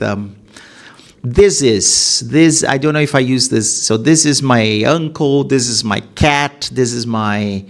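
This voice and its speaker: A man hosting his own show, casually testing himself out loud, laughing at his own mistakes, speaking into a headset. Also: medium pitch, creaky. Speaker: podcast host practicing Mandarin. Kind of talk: casual self-recorded practice session.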